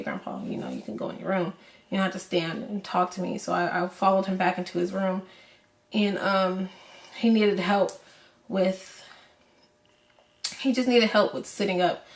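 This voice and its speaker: A young woman vlogger telling a personal story to the camera in an emotional, halting way, full of fillers. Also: medium pitch. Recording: roomy echo, voice from a distance.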